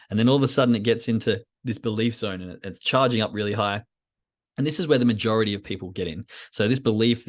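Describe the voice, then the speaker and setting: A man teaching trading in a casual podcast lesson, walking through a chart and acting out the thoughts of anxious traders in quick asides. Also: lowish voice. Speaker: trading educator.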